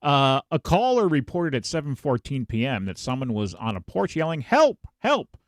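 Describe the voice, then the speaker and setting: A male podcast host reading out police blotter headlines in a casual, animated way, laughing as he goes. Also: mid-range voice, normal speed, no echo, studio quality.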